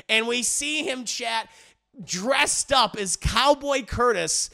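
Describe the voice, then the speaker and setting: Gravelly, excitable man recapping a movie. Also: extremely high pitch, measured pace. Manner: animated, profane, rambling. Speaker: movie reviewer.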